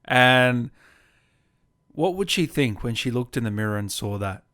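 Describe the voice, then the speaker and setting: A man's voice: medium pitch, expressive, a little slow, a bit bright. A man co-hosting a casual film review podcast, blunt and scornful, laughing often. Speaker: podcast co-host.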